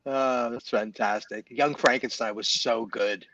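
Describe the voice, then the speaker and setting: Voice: mid-range voice, steady tone, a little slow, fairly bright tone, slight background noise. A co-host chatting casually about an old comedy film, enthusiastic and teasing, laughing often. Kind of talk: casual chat.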